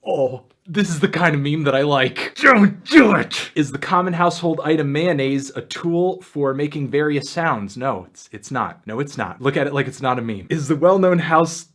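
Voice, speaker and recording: A man doing a jokey try-not-to-laugh challenge commentary, excitable, breaking into yelps and shouted laughs. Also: on the high side, moderate pace, hardly any pauses. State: in pain from a self-inflicted penalty. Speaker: YouTuber.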